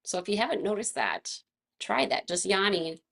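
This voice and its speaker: A woman leading a casual live online movement class, chatty and gentle, laughing often, her voice a little froggy from vocal fatigue. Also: mid-range voice, sing-song, normal speed, gravelly.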